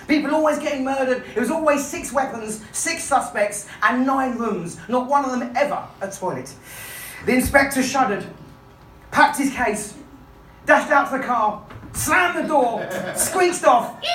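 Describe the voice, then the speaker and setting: A woman's voice: sits high, background noise. A woman magician and comedian telling a comic story to a live audience, playful and coaxing a volunteer along. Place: comedy club stage. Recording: echoey room, voice from far off.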